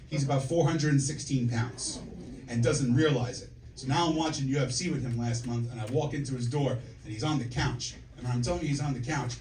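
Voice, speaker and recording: A man in his forties doing a stand-up set, telling brash, profane stories and working the crowd, with frequent "okay?" and "right?" asides. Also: mid-range voice. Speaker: stand-up comedian. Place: comedy club stage. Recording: echoey club from a distance, loud room noise.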